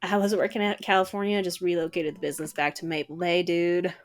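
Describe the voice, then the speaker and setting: A woman's voice: lowish voice, little pitch movement, quick pace, voice pushed down, close to an everyday voice. A woman voicing a laid-back, sporty young father who talks like an easygoing bro. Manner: easygoing surfer-bro drawl.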